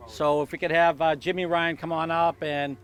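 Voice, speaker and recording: A man emceeing an outdoor ceremony as mayor, speaking in quick, flat introductions. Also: fairly high pitch, slight background noise. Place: outdoor ballfield.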